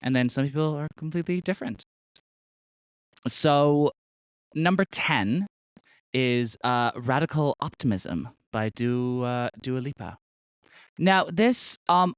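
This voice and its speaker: A man's voice: on the high side, measured pace, clean tone, no echo. A young man hosting a podcast in casual chat, chatty and gushing, peppered with fillers and swearing. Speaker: podcast host.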